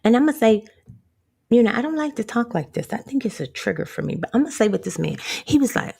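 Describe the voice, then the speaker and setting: Middle-aged woman vlogger, sassy and profane, laughing often, with a higher voice and a gravelly edge. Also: very animated, fast, a little mellow. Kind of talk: candid empowerment vlog.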